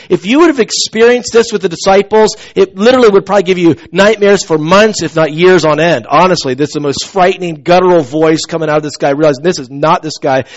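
A man preaching a sermon as pastor, in a conversational, animated storytelling way. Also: high voice, lo-fi sound.

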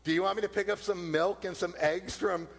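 A man's voice: high voice, steady tone, a little fast, creaky, voice pushed up. A man mimicking a sugary, doting wife. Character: sweet-talking wife, adult woman. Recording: long hall reverb.

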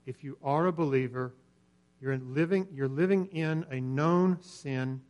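A man preaching a sermon in earnest, swelling louder on key points and dropping nearly to a whisper. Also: fairly high pitch, unhurried, highs cut off. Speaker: pastor.

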